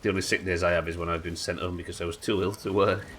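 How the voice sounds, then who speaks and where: Sweary Yorkshire streamer, lowish voice. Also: male voice, flat delivery, quick pace, a bit bright, slight background noise. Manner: chatty, sweary, laughing. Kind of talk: casual live-stream chat while gaming.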